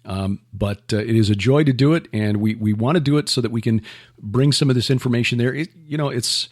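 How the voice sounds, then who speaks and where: Male podcast host, mid-pitched, unhurried, chatty with plenty of ums. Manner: relaxed, many fillers and restarts, lists events. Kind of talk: casual chat.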